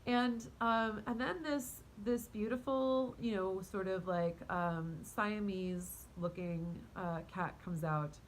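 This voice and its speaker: A woman casually telling a story to her viewers in a rambling, animated way, full of fillers, restarts and quick laughs. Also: medium pitch, a little hiss or hum, poor audio. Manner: talks to her cat mid-story. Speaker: vlogger and spiritual coach.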